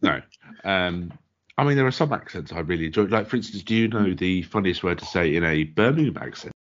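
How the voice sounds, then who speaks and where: A man's voice: deep voice, lively intonation, brisk. A man co-hosting a podcast, talking bluntly in short, clipped, dismissive sentences during a casual rant. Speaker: podcast co-host. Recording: dull lo-fi recording.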